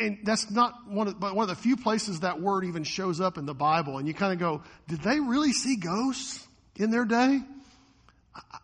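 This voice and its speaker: A man preaching a sermon as a pastor, animated, often acting out the voices of the people in the story. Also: high-pitched, in a large hall.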